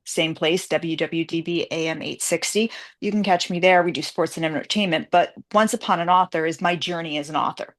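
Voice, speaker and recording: A woman's voice: fairly low pitch, brisk, few pauses. A woman guest author in a casual interview, telling stories animatedly and acting out the voices of the people she quotes.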